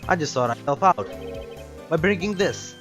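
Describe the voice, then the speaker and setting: A man's voice: a little high, animated, fairly bright tone, soft background music, pitched above the performer's own voice. A man voicing a jolly, overbearing older police chief with a put-on, vaguely Canadian accent. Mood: jovial. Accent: put-on odd Canadian-like accent. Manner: hearty, overfriendly, drawn-out words.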